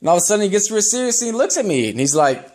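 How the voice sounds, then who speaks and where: A man's voice: high voice, very animated, very fast, darkish tone. Profane young man with a bouncy delivery. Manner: crude, profane, rambling storytelling. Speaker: stand-up comedian. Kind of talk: stand-up set.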